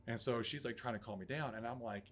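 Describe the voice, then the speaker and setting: A man's voice: medium pitch, quick pace, a little hiss or hum. A man in his thirties, a podcast guest, telling an emotional story in a raw, profane way and acting out quotes. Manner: raw, profane, acts out quotes in loud outbursts. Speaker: podcast guest, Army veteran.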